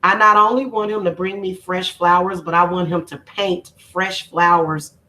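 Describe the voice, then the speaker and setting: A woman's voice: lowish voice, steady tone, normal speed, bright, forceful tone, rough recording. A woman hosting a spiritual channel, talking casually on a livestream in a heartfelt, emotional, informal way.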